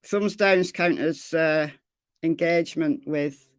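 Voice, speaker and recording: A woman's voice: low voice, slow, no room sound, clean studio sound. A woman from Lancashire with a Lancashire accent, hosting a casual true crime livestream and answering viewers' chat, often repeating her phrases. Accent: Lancashire English. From Lancashire, England. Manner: chatty, repeats phrases, reads chat aloud.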